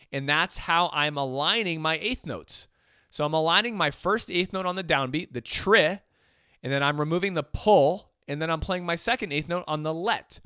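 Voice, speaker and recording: A man's voice: a little high, smooth, dry recording. Chatty male jazz piano teacher. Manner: relaxed, chatty, counts beats aloud over a metronome. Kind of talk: casual instructional talk. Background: piano playing and metronome clicks.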